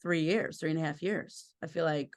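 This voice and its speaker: Speaking at a normal speed in a low, steady voice, a woman joins her husband's podcast as a guest. The casual conversation finds her spinning rambling stories at her own expense and laughing along.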